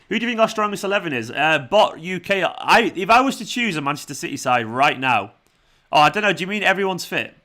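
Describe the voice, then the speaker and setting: A young man hosts a live football watchalong. His voice sits a touch high and sounds bright and forward. He talks in a loose, chatty way, laughing often as he reads out viewer comments. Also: expressive, fairly quick. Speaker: fan channel host.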